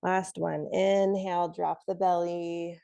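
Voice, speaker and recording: A young adult woman teaching a yoga class, giving calm, encouraging cues with the odd soft laugh. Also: on the low side, takes it slowly, creaky, highs cut off. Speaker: yoga instructor. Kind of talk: guided yoga class instruction.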